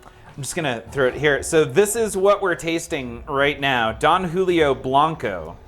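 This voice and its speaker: A man's voice: fairly high pitch, expressive, measured pace, fairly bright tone. A man co-hosting a stream, chatting playfully and reacting to the others. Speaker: stream co-host. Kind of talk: casual chat. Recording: music playing behind.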